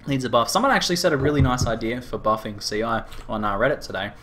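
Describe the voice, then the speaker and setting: A man's voice: mid-range voice, expressive, fairly bright tone, slight background noise. Chatty Australian man streaming games. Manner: chatty, rambling, with frequent fillers and quick laughs. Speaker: game streamer. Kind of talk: casual live-stream chat while gaming.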